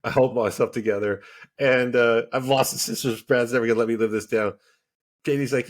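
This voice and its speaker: A man's voice: mid-range voice, fairly even intonation, brisk. A man co-hosting a podcast, telling a story in casual chat and animatedly acting out the dialogue. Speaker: podcast co-host.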